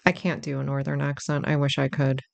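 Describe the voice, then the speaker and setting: A let's-play commentator musing over a fantasy game, chatty and self-deprecating, with a gravelly, creaky edge on the voice. The sound is dry and close, with no room around it. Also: mid-range voice, level tone, brisk, no echo. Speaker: gameplay commentator.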